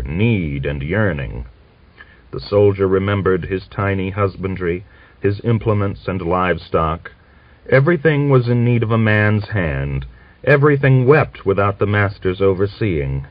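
A man reading a novel as an audiobook narrator, in a measured, solemn manner. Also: on the low side, dry recording. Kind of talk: scripted literary narration. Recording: dull lo-fi old recording.

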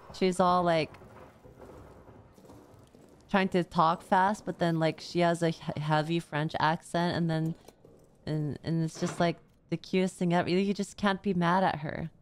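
Female streamer, playful gameplay chat, slow drawl. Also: on the low side, a little hiss or hum. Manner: chatty, playful, excitable. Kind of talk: casual gameplay commentary.

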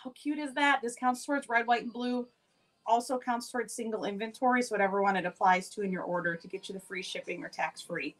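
A woman's voice: medium pitch, steady tone, quick pace. A chatty, upbeat woman hosting a live jewelry sale, showing pieces and greeting viewers by name. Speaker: live-stream jewelry seller. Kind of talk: casual live-sale chat.

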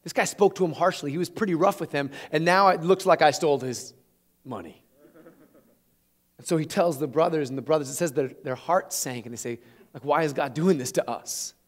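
Animated pastor retelling a story. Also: male voice, a little high, a little fast. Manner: animated, chuckling, conversational. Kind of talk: sermon storytelling.

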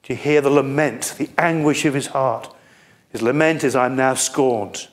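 A man's voice: mid-range voice, moderate pace. A man preaching a sermon, explaining a scripture text in an earnest manner and putting questions to his listeners.

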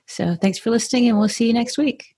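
A woman's voice: fairly high pitch, brisk, dark tone, slightly rough. A woman podcast co-host wrapping up the interview in a casual, easy way.

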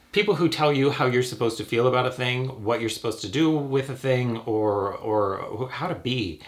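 Casting note: young man, mid-pitched, stuffy with a cold, sarcastic and sweary vlog ranter. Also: moderate pace, hardly any pauses. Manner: sarcastic, profane, animated ranting. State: has a cold. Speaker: YouTuber. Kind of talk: ranting casual vlog.

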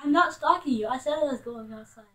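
High-voiced woman gamer in an echoey room. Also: fast. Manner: teasing, bickering, bursts of yelling and laughter. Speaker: gamer playing a role-play game. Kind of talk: playful improvised game role-play.

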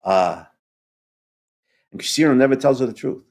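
A man in a podcast conversation, retelling a play emotionally, halting and restarting often. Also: mid-range voice, lively intonation, gravelly, darkish tone. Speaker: podcast co-host.

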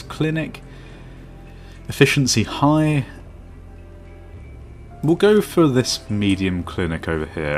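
Game commentator, male, lowish voice with lively swings, chatty and self-mocking, soft music under him. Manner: thinks aloud, self-mocking asides. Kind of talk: casual let's-play commentary. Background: faint background music.

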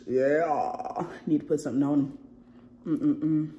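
A woman's voice: sits low, steady tone, takes it slowly, mellow, a little hiss or hum. A young woman vlogging at home while sick and losing her voice, chatting and laughing with her viewers. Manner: chatty, laughs often, talks straight to viewers. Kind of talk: casual chat to camera. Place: at home indoors.

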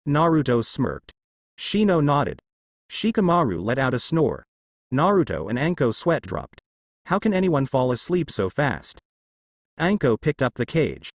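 A man narrating a fan story aloud in a steady storytelling manner, close to the mic. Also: medium pitch, measured pace, dry recording.

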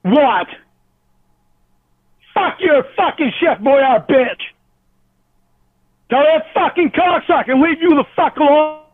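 A man screams accusations down a tinny phone line, his voice pitched shrill and high. He is crying, and it cracks through his jealous rant. He swears in nearly every sentence. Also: lively intonation, slow, pauses often, no echo. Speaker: angry caller.

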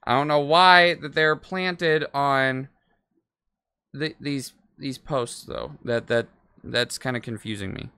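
A man's voice: medium pitch, slow, bright, forceful tone, smooth, no room sound. A man in his twenties chatting casually while building a toy, rambling, talking to himself and swearing freely. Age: 20s. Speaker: streamer.

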